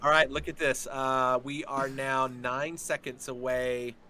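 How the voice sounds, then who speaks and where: A man giving chatty, excitable live commentary on a sim race. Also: medium pitch, a crowd in the background. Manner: chatty, excitable, quick to laugh.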